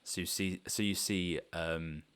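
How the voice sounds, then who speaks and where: A man's voice: low voice, fairly even intonation, unhurried, fairly bright tone, clear, resonant tone. A man narrating as game master in a rambling, loose way with many fillers.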